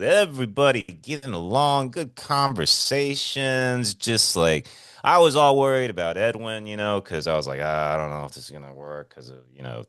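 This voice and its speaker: A man co-hosting a podcast in casual chat, excitable and swearing freely, swinging between loud bursts and hushed asides. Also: on the low side, no room sound, clean studio sound. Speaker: podcast co-host.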